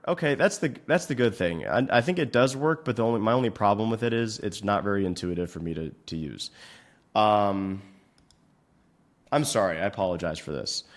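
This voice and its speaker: A man hosting a fitness podcast, giving blunt, profane advice in a casual way and venting at his software. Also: fairly low pitch. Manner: profane, frustrated rants; blunt, rapid instructions. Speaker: fitness coach and podcast host.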